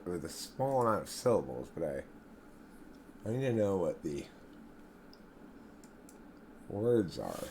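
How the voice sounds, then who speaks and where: Slow-talking man with lively pitch. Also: creaky, slight background noise. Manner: slow, meandering talk with self-directed asides. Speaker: channel host. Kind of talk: rambling solo vlog.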